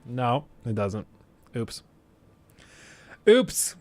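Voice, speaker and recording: A man's voice: medium pitch, big pitch swings, drawn-out words, darkish tone, no echo, faint music behind. A man chatting casually on a live stream, rambling loosely and slipping into impressions of others.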